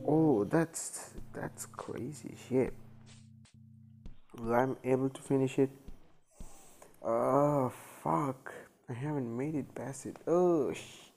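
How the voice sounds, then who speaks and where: A man's voice: mid-range voice, vocal fry, a little mellow, a little hiss or hum. A man playing a video game and commentating, muttering and swearing with panicky outbursts. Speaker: gaming channel host. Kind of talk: casual let's-play commentary.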